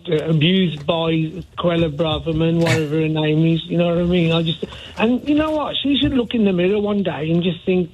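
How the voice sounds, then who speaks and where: A male caller with a Black Country accent talks on a radio phone-in, his voice pitched a touch high. He comes through a narrow, tinny phone line. He keeps asking "yeah?" and "right?" as he goes. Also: fairly quick, few pauses, darkish tone, a little hiss or hum. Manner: chatty, repeats "yeah?" and "right?". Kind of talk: phone-in call.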